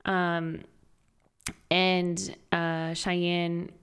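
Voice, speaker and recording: A woman's voice: on the low side, monotone, drawn-out words, fairly bright tone, smooth. A young woman co-hosting a podcast, telling a birth story in a casual, emotional way with lots of "like". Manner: emotional, giggly storytelling full of "like". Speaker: podcast co-host.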